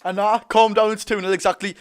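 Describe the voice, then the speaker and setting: A young man with a Geordie accent giving excitable, partisan live commentary on a football match for his viewers. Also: high-pitched, quick pace. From North East England. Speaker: football fan streamer.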